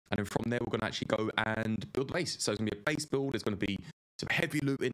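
A man's voice: medium pitch, a bit bright. A man giving live gameplay commentary, rambling and chatty as he greets viewers by name. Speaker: game streamer.

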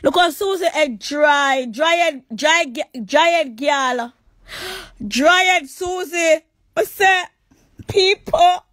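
A woman with a Jamaican accent ranting on a phone livestream, crude and taunting, repeating insults and sometimes shouting. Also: very high voice, slow pace, no echo, studio quality. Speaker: livestream host. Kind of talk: angry livestream rant.

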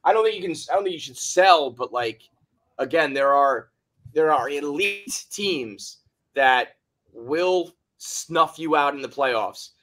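A man co-hosting a casual sports podcast, halting and repeating himself as he thinks aloud. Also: fairly high pitch, lively intonation. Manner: halting, repeats himself, gets loud when hyped. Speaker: podcast co-host.

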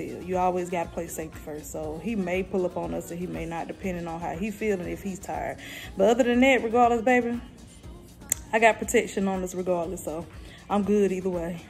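A woman's voice: on the low side, darkish tone. A woman from North Carolina chatting casually with her viewers in a vlog, laid-back and full of slang. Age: adult mother. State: out of breath and tired. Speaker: vlogger.

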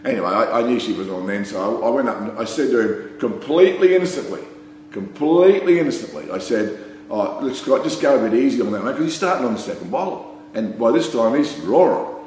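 A man's voice: lowish voice, quick pace. Australian man spinning a rambling yarn, echoey room. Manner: rambling, laughing, full of "you know" and "mate". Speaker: storyteller. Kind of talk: casual anecdote. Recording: very echoey room with faint hum.

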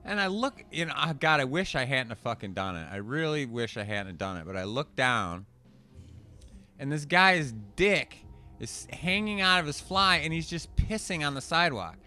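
Bright-voiced, profane young man. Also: medium pitch, normal speed, soft background music. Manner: profane, animated ranting. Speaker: gameplay commentator. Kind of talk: casual storytelling over gameplay.

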